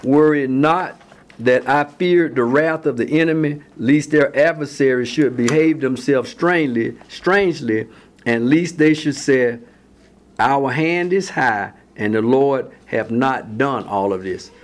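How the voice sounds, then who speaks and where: A man leading a Bible study, who reads scripture slowly and repeats his words as he explains. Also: medium pitch.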